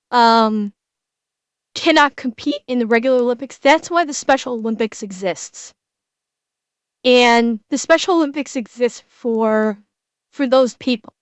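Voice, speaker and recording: A woman streamer giving a casual reaction commentary, earnest and emotional, talking in halting bursts full of restarts and repeated words. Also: high voice, clear, resonant tone, dry recording.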